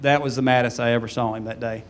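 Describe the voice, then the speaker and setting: A man telling an animated story about his old team and laughing along with it. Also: medium pitch, quick pace. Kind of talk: storytelling at a reunion panel.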